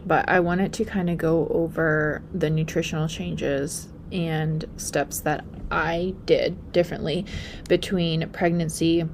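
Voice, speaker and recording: A young pregnant woman hosting a casual solo podcast. She talks in a chatty way and often drops to a soft, breathy near-whisper. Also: fairly low pitch, slight background noise. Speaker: podcast host and functional practitioner.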